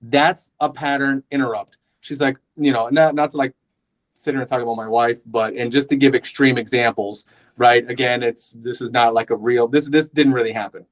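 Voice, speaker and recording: A man's voice: medium pitch, fairly even intonation, normal speed, rough recording. Chatty man teaching sales. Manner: conversational, with frequent "right?" tags and restarts. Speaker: real estate sales trainer. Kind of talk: informal sales training talk.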